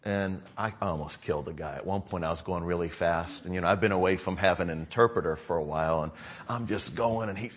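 A man's voice: low-pitched, fast, a little hiss or hum. A middle-aged American man preaching to his congregation, telling stories in a loose, conversational way with frequent asides. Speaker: pastor. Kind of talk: sermon update to a congregation.

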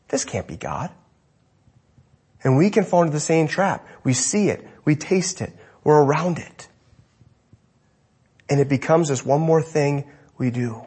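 A male pastor preaching a sermon, emphatic, often dropping to a hush to stress a point. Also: fairly high pitch, husky.

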